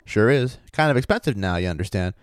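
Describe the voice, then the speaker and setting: A man voicing a cheerful, rough old male prospector who drawls and teases with sly menace. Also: on the low side, lively intonation, quick pace, no echo, clean studio sound, close to an everyday voice. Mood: sly, folksy. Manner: folksy drawl, teasing and sly.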